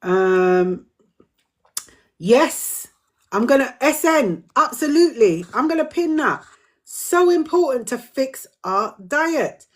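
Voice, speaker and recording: A woman's voice: high voice, expressive, takes it slowly. A middle-aged woman hosting a live drop-in, talking earnestly and repeating her points for emphasis, her throat a little dry. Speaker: host of a community live drop-in. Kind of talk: casual live-stream talk.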